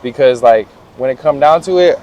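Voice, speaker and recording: A man's voice: mid-range voice, moderate pace, darkish tone. A young man in an outdoor interview, telling stories from his life in a slangy, laid-back way. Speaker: interview guest. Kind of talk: casual storytelling interview.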